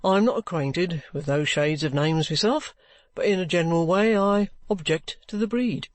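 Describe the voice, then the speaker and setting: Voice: mid-range voice, normal speed, no room sound, natural voice. A reader voicing a bluff former soldier who is under arrest and speaks plainly, politely and stubbornly. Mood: firm.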